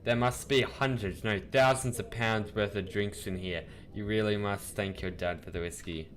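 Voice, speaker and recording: A man's voice: fairly low pitch, fairly even intonation, slight background noise. A man hosting a let's-play, reading game text aloud and joking, flustered at times. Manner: reads slowly, jokes and gets flustered. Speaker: gaming video host.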